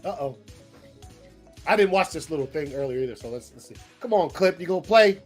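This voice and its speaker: High-voiced man riffing on movie news. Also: brisk, faint music behind. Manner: animated, slangy and profane, thinking aloud. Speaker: pop-culture show host. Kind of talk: casual news commentary.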